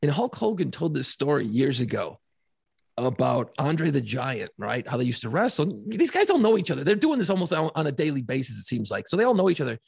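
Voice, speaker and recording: A man co-hosting a podcast, a lively storyteller who laughs often and swears freely in casual chat. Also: medium pitch, brisk, gravelly, husky, no room sound, studio quality. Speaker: podcast co-host.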